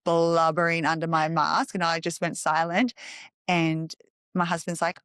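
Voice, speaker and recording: A woman's voice: sits low, unhurried, smooth, no echo, studio quality. A woman, a podcast guest telling her story candidly and animatedly. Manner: candid, animated, acts out quoted voices. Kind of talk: conversational storytelling.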